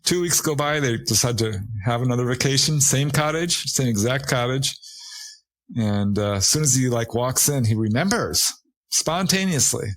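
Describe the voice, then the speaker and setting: A man in a relaxed conversation, retelling a witness account with animated delivery. He laughs often and lifts his voice high when he quotes others. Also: normal speed. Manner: laughs often while talking. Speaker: guest, paranormal investigator. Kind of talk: conversational storytelling.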